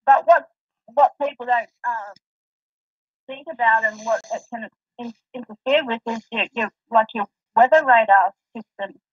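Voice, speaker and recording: A woman's voice: fairly high pitch, normal speed, no echo. Australian woman, caller, casual rambling chat, dry distant lo-fi sound. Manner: chatty, rambling, laughs easily. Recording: dull distant phone-line sound.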